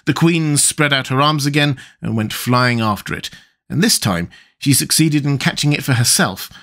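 A man narrating a classic children's novel as an audiobook, measured and expressive. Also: mid-range voice.

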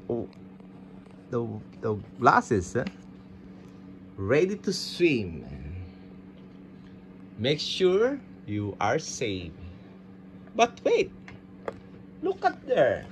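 A woman narrating toy play in slow, simple phrasing with playful sound effects. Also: low voice, huge pitch swings, slight background noise.

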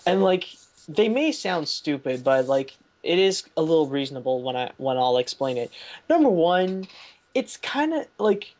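A man's voice: a little high, sing-song, normal speed, darkish tone. A man hosting a podcast, chatting casually about a film and rambling with lots of "like" fillers and restarts. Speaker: podcast host. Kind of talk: casual movie review chat.

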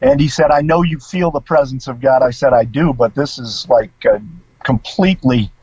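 A middle-aged former priest tells his personal story in a casual interview, sounding informal and emotional. His husky, darkish voice sits at medium pitch and moves at a moderate pace. There's no room sound, and the recording has a dull lo-fi quality.

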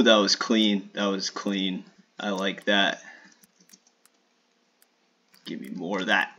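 A man streaming a shooter game in casual live commentary, swearing and trash-talking opponents with sudden excited outbursts. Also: sits low, takes it slowly, pauses often.

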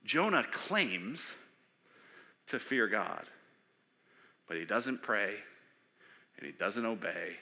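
A man preaching a sermon as pastor, animated, asking questions and acting out voices. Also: fairly low pitch, slow, gravelly, long pauses. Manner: animated, acts out voices, asks the audience questions. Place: church sanctuary. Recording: long hall reverb.

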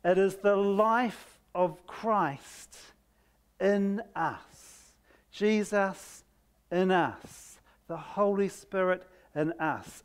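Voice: mid-range voice, smooth. A preacher giving a sermon at a church service, reading scripture aloud with heavy stress on key words and letting each phrase fall nearly silent. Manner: slow, deliberate delivery that drops to near silence at phrase ends.

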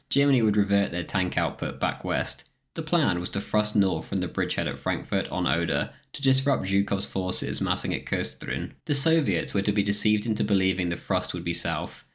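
A man with a very low, deep voice narrates a scripted history documentary. His delivery is measured and steady, like a reader working through a prepared text. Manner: measured, reads quotations aloud with spoken quote marks.

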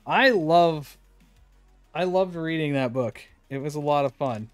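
A man's voice: a little high, measured pace, no room sound, faint music behind. A man streaming live, opening card packs and chatting casually with his viewers. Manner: chatty, reads card names aloud, talks to chat.

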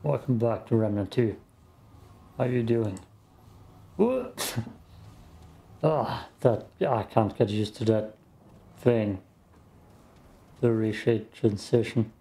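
A man's voice: on the low side, fairly even intonation, slow pace, pauses often, warm tone. A man hosting a let's play, giving casual gaming commentary with joking, rambling asides to his viewers.

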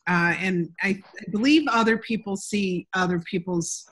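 A woman's voice: medium pitch, moderate pace, fairly bright tone, breathy edge. A woman hosting a casual video call chat, talking with a lot of ums and restarts. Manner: chatty, hesitant with many ums. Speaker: meeting host.

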